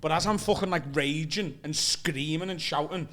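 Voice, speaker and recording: Scouse guy on a comedy podcast, slightly high voice, swears a lot, animated yarn. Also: normal speed. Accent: Liverpool. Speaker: comedian guest. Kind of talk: casual storytelling chat. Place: indoor green room.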